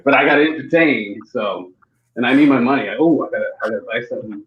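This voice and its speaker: A man's voice: medium pitch, quick pace. Man laughing through jokes in an echoey room. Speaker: comedian contestant. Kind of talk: comedic banter. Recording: roomy, dull home mic with faint noise.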